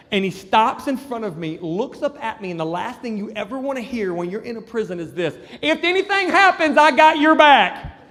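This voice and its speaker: A man with a high voice tells a comic story on stage, acting out everyone in it with lively energy. His voice rings through a large hall with a long reverb, and it sounds like a live show. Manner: animated, acts out voices of people in the story. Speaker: comedian and juggler. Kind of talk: stand-up storytelling.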